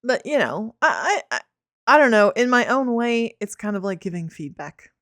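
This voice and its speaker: A woman's voice: a little high, big pitch swings, normal speed, fairly bright tone, no room sound, studio quality. A woman co-hosting a podcast, chatting casually about movies and acting out what people said. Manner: chatty, acts out quotes. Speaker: podcast co-host.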